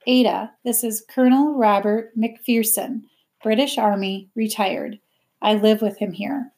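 A woman's voice: on the high side, measured pace, darkish tone. Woman reading as a terse, serious teenage boy.

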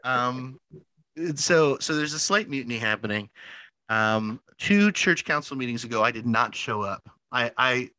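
Pastor guy rambling thru a story, bright voice, dry close sound. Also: mid-range voice, normal speed, no room sound, low-quality recording. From northern United States. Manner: rambling, repeats words, animated storytelling. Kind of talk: casual podcast chat.

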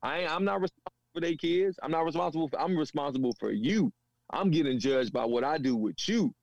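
A man from a Panamanian family in the US, telling stories in a casual conversation with animated slang. He often asks "you know what I'm saying". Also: fairly high pitch, fast talker, vocal fry, dry recording, lo-fi sound. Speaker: guest.

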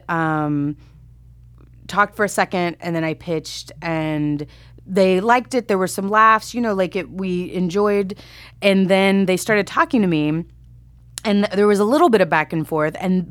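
A woman's voice: fairly low pitch, dry recording. A woman casually telling a story in conversation, chatty and self-deprecating, with many fillers and laughs. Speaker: comedy writer telling a story.

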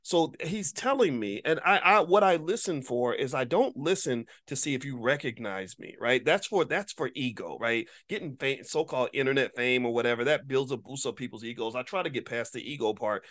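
A man at a middle pitch talks straight to his viewers in a loose, unscripted monologue. He is emphatic and preachy, drops in casual swearing, and doubles back on words as he restarts his thoughts. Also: animated, brisk, few pauses, a bit bright. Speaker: online commentator.

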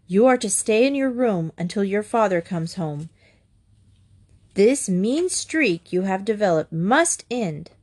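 A woman's voice: medium pitch, animated, slow, a little mellow. A woman reading a stern, proper mother. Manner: firm, scolding. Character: worried, proper mother of a sharp-tongued boy.

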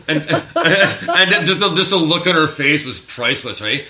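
Casual co-host, man with a rambling, laughing delivery, bright tone, echoey room. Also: a little high, sing-song, a little slow. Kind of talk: casual chat. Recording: echoey room with faint noise.

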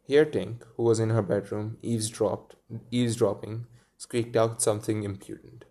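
A man reading a children's story aloud, pausing to muse and comment on it. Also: lowish voice, fairly even intonation, warm tone. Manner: muses aloud between passages. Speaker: reader.

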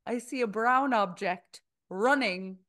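A woman's voice: on the high side, slow pace, fairly bright tone. A young woman co-hosting a podcast, telling a story in casual chat with lots of swearing. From Ireland. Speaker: podcast co-host.

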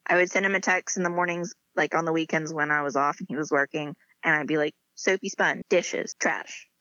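A woman's voice: low-pitched, level tone, fast, sharp tone, no echo. Chatty young woman acting out dialogue. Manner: chatty, acts out quoted dialogue with filler "like". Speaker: interview guest. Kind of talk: casual chat. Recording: slightly dull lo-fi sound.

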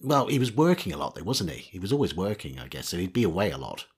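A man's voice: deep voice, sing-song, quick pace, slightly rough. A man hosting an interview, putting casual prompting questions to his guest. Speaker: podcast host. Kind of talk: interview chat.

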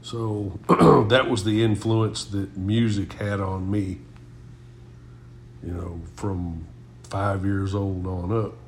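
A man's voice: fairly low pitch, steady tone, slow, slight background noise. A middle-aged man co-hosting a Christian talk show, speaking earnestly and telling stories like a preacher, with many fillers. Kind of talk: casual testimony and storytelling.

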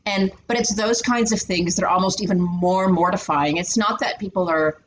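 A middle-aged woman in finance, speaking as an interview guest and telling candid stories in an animated way, with many filler words. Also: on the low side, moderate pace, slight background noise, low-quality recording. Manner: animated, heavy "you know" fillers. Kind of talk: candid storytelling in conversation.

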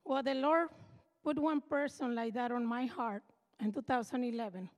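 High-voiced older woman giving testimony. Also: normal speed. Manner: earnest, emotional storytelling. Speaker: church member giving testimony. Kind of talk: personal testimony. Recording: reverberant hall.

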